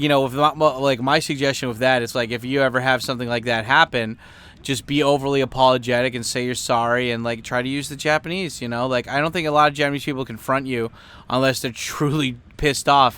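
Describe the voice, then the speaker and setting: Smooth-voiced man rambling and swearing. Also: mid-range voice, a bit bright. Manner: rambling, heavy fillers and swearing. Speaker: podcast host. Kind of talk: casual profane monologue.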